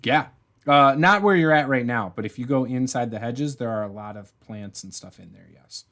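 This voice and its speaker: A man's voice: medium pitch, normal speed, fairly bright tone. A man narrating as game master in a casual way, with many fillers. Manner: casual, filler-heavy description.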